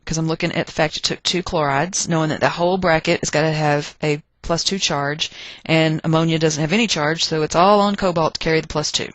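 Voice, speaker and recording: A woman's voice: low voice, steady tone, a little fast, no echo. A woman teaching a chemistry lesson, chatty and thinking aloud as she works through problems. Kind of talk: recorded chemistry lecture.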